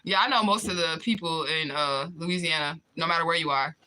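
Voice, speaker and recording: A woman with a very bright, forceful voice chats on a livestream, answering viewer comments head-on. She is blunt and profane, laughs often, and stretches some words out in a slow drawl. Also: sits low. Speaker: livestream vlogger reading chat comments. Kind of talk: casual livestream chat.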